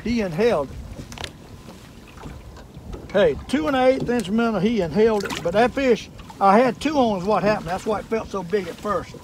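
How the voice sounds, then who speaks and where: Older man, high voice, outdoors. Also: moderate pace, pauses often. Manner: chatty, excitable, repeats himself. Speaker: fishing show host. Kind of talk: folksy running commentary while fishing. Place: on a fishing boat on a lake, outdoors. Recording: wind and boat noise outdoors.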